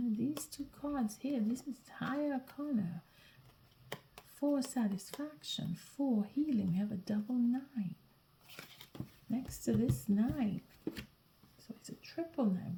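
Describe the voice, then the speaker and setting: A woman giving a whispered tarot reading late at night, sleepy and yawning, talking in a soft, halting whisper with frequent restarts. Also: mid-range voice, vocal fry, a little hiss or hum, low-quality recording. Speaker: tarot reader.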